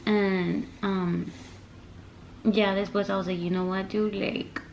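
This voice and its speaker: Young woman vlogger, casual and rambling, mid pitch with vocal fry, code-switching Spanish. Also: level tone, takes it slowly, faint music behind, low-quality recording. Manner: rambling, filler-heavy, mixes English and Spanish. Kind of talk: casual storytime.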